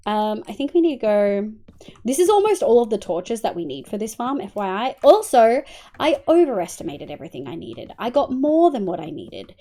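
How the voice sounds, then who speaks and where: An Australian woman streaming a game, chatting casually with viewers, swearing and thanking them by name, sometimes mumbling quietly and sometimes bursting out loud. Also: on the high side, very animated, moderate pace. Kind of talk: casual live-stream chat while gaming.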